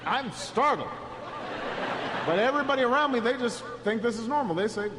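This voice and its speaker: Man, high voice, speech storyteller, stop-start delivery with repeated words, echoey hall recording. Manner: halting, repeats words at restarts; builds to a rousing, shouted close. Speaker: political speaker. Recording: echoey hall with steady background noise.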